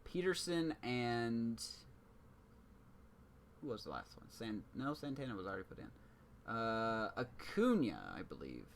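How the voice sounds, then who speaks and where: Male podcast co-host, casual rambling sports talk, mid-pitched voice, faint hiss behind. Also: big pitch swings, a little slow, pauses often. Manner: loose, rambling, jokey.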